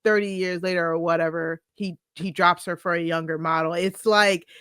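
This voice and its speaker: A woman's voice: lowish voice, normal speed, smooth, no echo. Chatty woman with a dry, close voice. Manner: expressive and laughing, builds rhetorical questions. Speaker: podcast co-host. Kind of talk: casual pop-culture chat.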